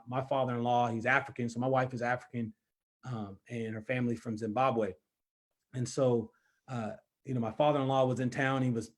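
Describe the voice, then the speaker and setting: Young man, conference speaker, earnest testimony, stumbles and repeats words. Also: mid-range voice. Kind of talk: personal testimony to men.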